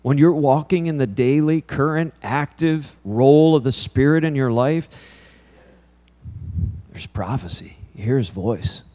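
A man in his fifties, a pastor preaching to a congregation, telling a lively story, then turning quiet and earnest. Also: mid-range voice, unhurried. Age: 50s. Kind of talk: sermon with storytelling. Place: church before a congregation.

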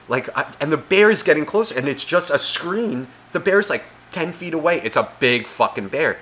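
A man's voice: mid-range voice, very animated, fairly quick, bright, forceful tone, a little hiss or hum. A man co-hosting a podcast, telling a story in casual chat, swearing a lot and acting out the voices of the people in it. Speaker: podcast co-host.

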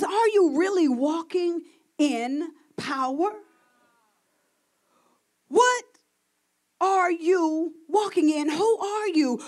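A woman preaching a sermon to a congregation, calling out to the crowd and building to shouts. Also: very high voice. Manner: call-and-response preaching, rising to shouting.

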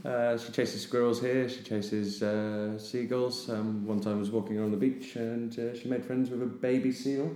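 A man's voice: mid-range voice, level tone, normal speed, few pauses, mellow. A man in his twenties telling a story in a casual chat, hesitant with lots of ums and uhs. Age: 20s. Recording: very echoey room.

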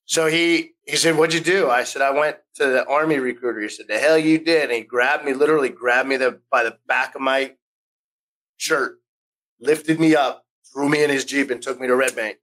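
Bright-voiced American man telling stories. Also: medium pitch, steady tone, normal speed, rough recording. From United States. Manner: rambling, restarts often, acts out quoted voices. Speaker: podcast guest. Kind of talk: casual storytelling interview.

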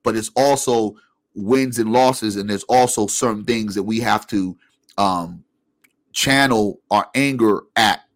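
A man co-hosting a podcast in casual chat, speaking emphatically and pushing his pitch up sharply to drive points home. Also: measured pace. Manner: emphatic, rising to high pitch when making a point. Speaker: podcast co-host.

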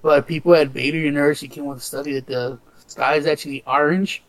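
Man talking rough and loose. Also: a little high, steady tone, no room sound. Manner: loose, profane storytelling with quick voiced impressions. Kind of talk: casual chat.

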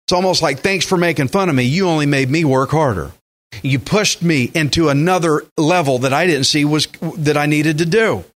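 Guy preaching a sermon, kinda high voice, animated, acts out the quotes. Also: normal speed. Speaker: pastor.

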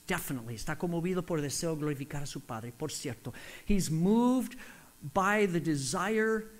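A male preacher who tells stories with animation and gives each line first in English and then in Spanish. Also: on the high side. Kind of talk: sermon with own Spanish interpretation.

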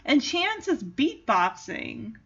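A woman chatting casually in an amused way as she recaps a movie and does quick character voices. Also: high-pitched, wildly swooping pitch, gravelly, fairly bright tone, husky, muffled recording.

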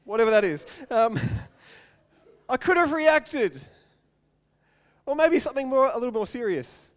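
A man preaching a sermon, telling stories and acting out quotes in loud bursts. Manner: storytelling, acts out quotes with sudden loud raised-pitch outbursts. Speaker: pastor. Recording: long hall reverb.

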